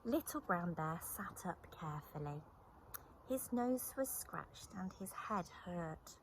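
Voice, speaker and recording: A woman telling a children's story, expressive and animated, slipping into soft whispers. She takes it slowly and lets her voice rise and fall widely. A faint hiss of noise runs underneath. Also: on the low side, poor audio. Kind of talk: storybook reading.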